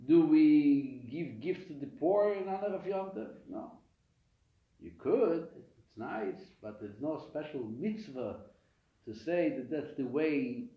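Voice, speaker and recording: A man teaching a live Torah class, posing questions and answering them himself with frequent restarts. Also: fairly high pitch. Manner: animated, asks and answers his own questions. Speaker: rabbi teaching a weekly class. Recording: echoey room, dull lo-fi sound.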